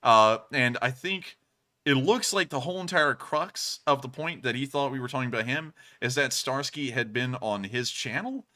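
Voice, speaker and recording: A man in his twenties co-hosting a live stream, chatting casually and rambling with lots of fillers and restarts, deliberately raising his pitch. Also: pushed and bright. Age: 20s. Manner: speaks in a deliberately raised pitch. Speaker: stream co-host.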